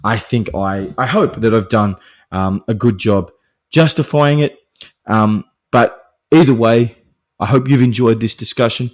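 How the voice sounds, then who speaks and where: A man in a middle pitch range hosts a solo film discussion podcast. He works through his ideas as he speaks, restarting phrases and often asking "right?" as he goes. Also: a little slow. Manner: thoughtful, thinks aloud, often checks in with "right?". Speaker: podcast host.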